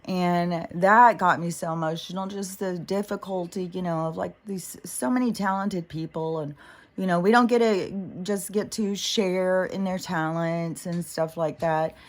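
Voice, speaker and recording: A woman's voice: on the low side, steady tone, a little slow. A middle-aged woman hosting a spiritual talk, rambling casually and emotionally, with lots of fillers and frequent swearing. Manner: emotional, meandering, swears freely, many fillers. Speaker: spiritual podcast host.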